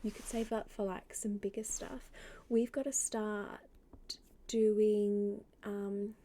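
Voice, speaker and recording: Woman streamer, mellow tone, chatty, greets chat, drifts into half-whispers. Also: mid-range voice, flat delivery, slow, a little hiss or hum. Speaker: live streamer. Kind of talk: casual live-stream chat.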